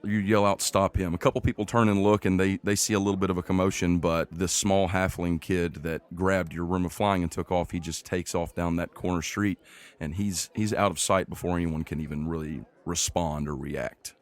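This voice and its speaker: A man's voice: low-pitched, steady tone, normal speed. A man running a tabletop game as game master, narrating the scene in a playful, teasing way.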